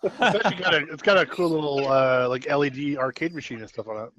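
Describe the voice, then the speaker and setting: A man's voice: fairly high pitch, fast, a bit bright, no echo. A man co-hosting a podcast, chatting playfully and teasing the others. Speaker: podcast co-host. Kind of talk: casual chat.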